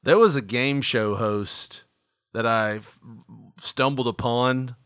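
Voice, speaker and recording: A man's voice: medium pitch, takes it slowly, clear, resonant tone, no room sound, clean studio sound. A man hosting a casual podcast chat, telling stories with lots of laughter. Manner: laughs often, animated storytelling. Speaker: podcast host.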